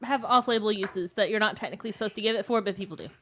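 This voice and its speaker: A woman's voice: mid-range voice, fairly bright tone. A woman who works as a nurse, co-hosting a podcast and teasing the others in casual chat. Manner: quick, teasing.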